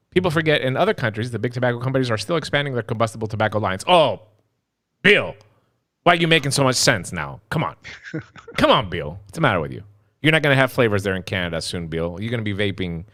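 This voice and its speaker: A man ranting on a live stream, cursing freely as he answers viewer comments. His voice jumps all over, from low grumbles to near shouts. The sound is close and dry, with no room around it. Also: very animated, quick pace, dry recording. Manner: ranting, profane, swings from mumbling to shouting. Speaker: co-host of a live vaping talk stream.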